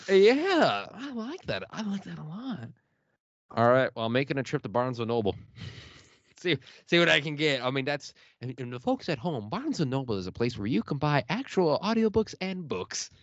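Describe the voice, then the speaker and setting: A man's voice: a little high, no echo. A man hosting a podcast in a casual, jokey chat, often breaking into laughter. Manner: animated, jokey, quick to laugh. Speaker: podcast host. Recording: dry, dull lo-fi audio.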